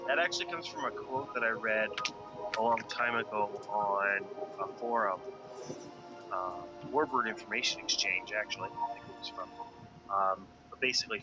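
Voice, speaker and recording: A man, a pilot, chatting casually about a space game in a relaxed, rambling way, thinking aloud with fillers. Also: fairly low pitch, moderate pace, highs cut off, music in the background. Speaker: pilot and gaming video co-host. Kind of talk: casual gaming chat. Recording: noisy background.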